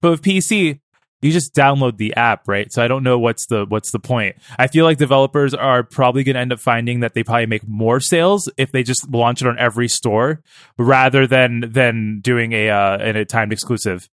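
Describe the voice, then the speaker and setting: A man's voice: medium pitch, brisk, fairly bright tone, no echo, studio quality. A man co-hosting a casual tech podcast, joking and riffing playfully. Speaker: podcast co-host.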